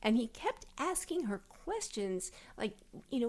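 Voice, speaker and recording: A woman's voice: a little high, lively intonation, moderate pace, hardly any pauses. A woman, the host's mother, talking casually as a podcast guest and telling stories from a night out. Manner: conversational, storytelling. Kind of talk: casual chat.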